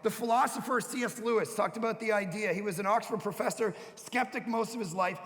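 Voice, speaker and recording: A middle-aged man preaching a sermon, telling family stories and breaking into shouts as he acts out his kids. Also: sits high, a little fast. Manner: storytelling preacher, bursts into shouting when acting out kids. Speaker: pastor. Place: church hall. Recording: long reverb of a church hall.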